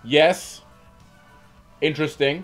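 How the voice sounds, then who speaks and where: Irreverent livestream host. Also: male voice, on the high side, steady tone, slow, faint music behind. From Australia. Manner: irreverent, jokey, swears freely, repeats words. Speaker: livestream host reading chat. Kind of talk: casual livestream chat.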